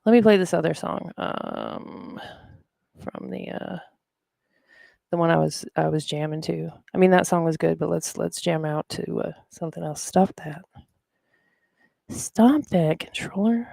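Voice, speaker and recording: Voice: medium pitch, very animated, moderate pace, vocal fry, a little mellow, no room sound, studio quality. A podcast host chatting casually, rambling and talking to themselves while looking things up. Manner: rambling, talks to self while browsing. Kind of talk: casual chat.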